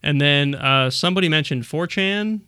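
A man's voice: on the high side, normal speed, pushed and bright, slight background noise. A man hosting a podcast in casual chat, rambling through stories and laughing often. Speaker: podcast host.

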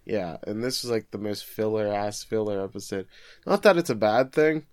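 A man with a fairly low voice talks through a plot recap in casual podcast chat. He cracks sarcastic jokes as he goes. The sound is dry and close, with no room echo. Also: moderate pace. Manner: joking, animated, recaps plot with sarcastic asides. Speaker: podcast co-host recapping an anime episode.

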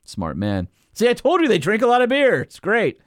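Male podcast co-host, lively and jokey, reading emails aloud, dry studio sound. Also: high-pitched, moderate pace, dry recording. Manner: animated, jokey, reads emails aloud with asides. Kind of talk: casual chat, reading listener emails.

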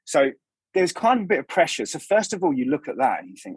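Male stage actor as interview guest, husky tone, dry close mic, chatty and digressive. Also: fairly high pitch, sing-song, fast, dry recording. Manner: rambling, self-interrupting anecdotes with many restarts. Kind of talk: casual interview storytelling.

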